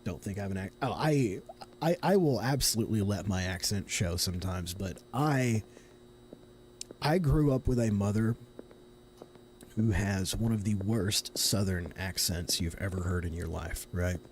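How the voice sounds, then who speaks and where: Man from Tennessee, streamer, lowish voice, rambling, faint background hiss. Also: normal speed. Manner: rambling, self-correcting, thinks aloud. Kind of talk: casual live gameplay commentary.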